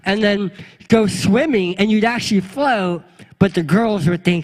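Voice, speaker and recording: A young adult man, a pastor, telling a funny childhood story in an animated way and acting out the voices of the people in it. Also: high-pitched, normal speed, big-room sound. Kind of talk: storytelling sermon.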